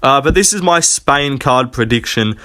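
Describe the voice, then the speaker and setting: With a medium-pitched, expressive voice and a sharp tone, this young MMA commentator speaks at normal speed in a solo prediction rant on his channel. He's casual, blunt, and profane, rambling through fillers and false starts.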